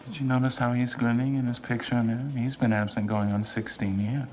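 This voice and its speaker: An actor playing a frustrated, brooding young adult son in a film drama, speaking in a halting, bitter way. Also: male voice, medium pitch, flat delivery, darkish tone, a little hiss or hum, lightly acted.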